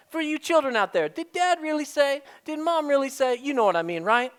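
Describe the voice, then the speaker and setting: A male pastor preaching a sermon emphatically, repeating a key phrase and swinging from loud, raised delivery down to a hushed, quiet tone. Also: extremely high pitch, animated, brisk, few pauses.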